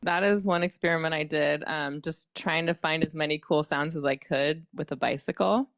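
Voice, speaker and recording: A woman's voice: sits low, moderate pace, no echo. A woman podcast producer giving a casual workshop talk, chatty and filled with likes and ums.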